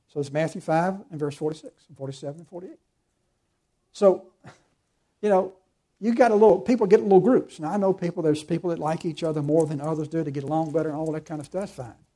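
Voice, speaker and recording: A man's voice: a little high, dark tone. A pastor preaching an earnest, emphatic sermon, quoting scripture and calling his listeners to forgive.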